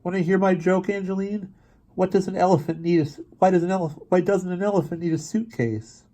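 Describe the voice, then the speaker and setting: A man voicing a timid, hopeful young boy who speaks hushed and stumbles over his words. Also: high-pitched, steady tone, fairly quick, voice pushed up, natural voice.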